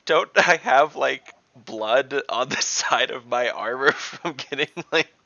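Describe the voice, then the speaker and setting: A man's voice: medium pitch, takes it slowly, vocal fry, pushed and bright, no echo, highs cut off. A man playing in an online tabletop game, asking questions and joking with the game master. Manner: joking, laughs between questions. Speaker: player. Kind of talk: casual play chat. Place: online call.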